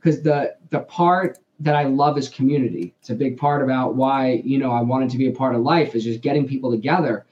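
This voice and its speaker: A man's voice: medium pitch, fairly quick, hardly any pauses, darkish tone, dull audio. Earnest man rambling on a video call. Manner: earnest, rambling with many fillers. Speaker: guest, filmmaker. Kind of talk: casual interview talk.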